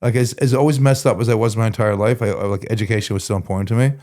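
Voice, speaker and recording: Rambling, slangy man on the low side. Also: steady tone, rapid-fire, dark tone. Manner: rambling, restarts words, slangy and candid. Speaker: guest in recovery. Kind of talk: casual conversational storytelling.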